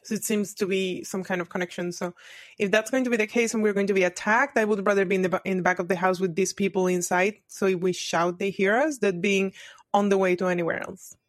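A woman's voice: mid-range voice, fairly even intonation, fast, dry recording. Woman reasoning aloud as a player. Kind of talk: casual tabletop play.

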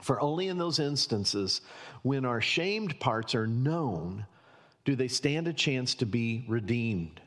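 A man's voice: medium pitch, big pitch swings, slow, fairly bright tone, big-room sound. A man preaching a sermon as pastor, building emphatic runs of repeated rhetorical questions. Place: church sanctuary.

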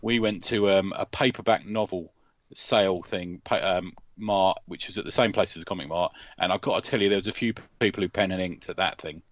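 A man co-hosting a casual podcast, his voice sitting low. He rambles through stories and breaks into laughter often. The recording is dry and a little muffled. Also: a little fast, dry recording. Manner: chatty storyteller, laughs often. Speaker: podcast co-host. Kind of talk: casual chat. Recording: dry, dull lo-fi sound.

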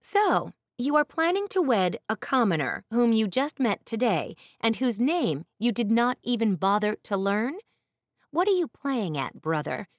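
A woman's voice: mid-range voice, no echo, clean studio sound. A woman voicing a furious royal older sister who scolds her brother in an audiobook. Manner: indignant, scolding.

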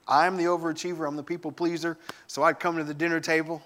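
Animated man preaching with humor. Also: a little high, fast talker. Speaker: guest preacher. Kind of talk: sermon.

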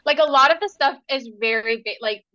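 A woman's voice: high voice, fairly quick, bright, forceful tone, dry recording, lo-fi sound. A young woman co-hosting a podcast, recapping a novel in a rambling, self-correcting casual chat. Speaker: podcast co-host.

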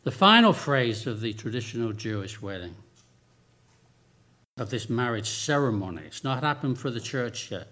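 Man preaching a lively sermon. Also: medium pitch, normal speed. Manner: lively and conversational, with humorous asides.

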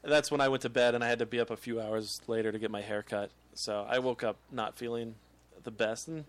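A man's voice: mid-range voice, steady tone, fairly quick. Rambling, laughing male podcast host. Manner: rambling storyteller, laughs often. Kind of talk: casual chat.

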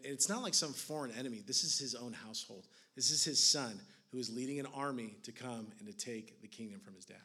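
A man preaching a sermon in a casual, conversational way, swinging from hushed, near-whispered lines to intense, raised passages. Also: medium pitch, breathy edge. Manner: conversational, fillers of "like", rising to intense then hushed. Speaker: pastor.

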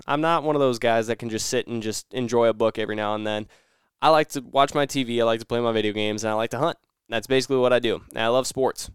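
A young man chats on his own podcast in a loose, rambling way, doubling back to correct himself as he goes. His voice is remarkably smooth and clean. The sound is dry and close, with no room around it. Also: mid-range voice, fast, no echo. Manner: rambling, self-correcting storyteller. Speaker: podcast host. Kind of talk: casual solo podcast chat.

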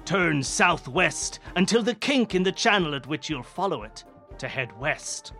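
Give me a man acting a blustering pirate captain, slow and theatrical, with a high, bright voice. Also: sing-song, faint music behind, exaggerated voice. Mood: jaunty. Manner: booming, theatrical, slow reading with shouted bursts. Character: blustering male pirate writing a ship's orders.

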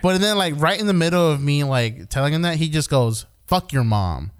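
Smooth-voiced man telling a rambling story. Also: fairly high pitch, lively intonation, a little fast. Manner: rambling, profane, laughing storyteller. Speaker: podcast regular telling a story. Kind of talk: casual chat.

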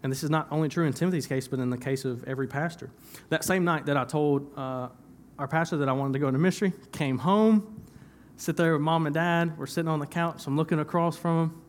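A man's voice: on the high side, fast, slight background noise. A young man preaching a sermon in church, talking conversationally, repeating phrases for emphasis and laughing at himself now and then. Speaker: pastor.

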